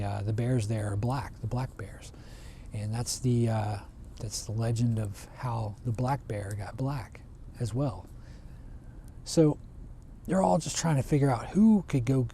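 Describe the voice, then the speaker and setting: A man retelling a traditional folk tale in a relaxed, conversational way, often restarting his phrases. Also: medium pitch, slight background noise. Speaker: storyteller. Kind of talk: casual oral storytelling.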